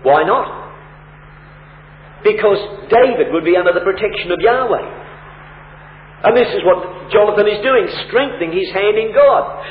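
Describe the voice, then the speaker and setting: A man preaching with emphatic delivery. His voice sits high and rings through a big reverberant hall. The recording sounds thin and tinny, like a phone line. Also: animated, normal speed. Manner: emphatic, rising and falling preaching delivery with rhetorical questions. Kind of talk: sermon.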